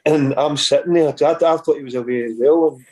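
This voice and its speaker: A man's voice: a little high, fast talker, darkish tone. Scottish man rambling through anecdotes. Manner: rambling anecdotes with many restarts and acted quotes. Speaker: guest, former footballer. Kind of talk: casual storytelling.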